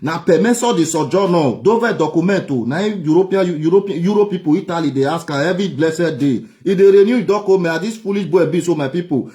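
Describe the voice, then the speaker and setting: A Nigerian man broadcasts an angry political rant. He repeats his points and mocks his target. His voice sits high but sounds warm and mellow. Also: quick pace, few pauses. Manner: angry, repetitive, mocking. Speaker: online broadcaster.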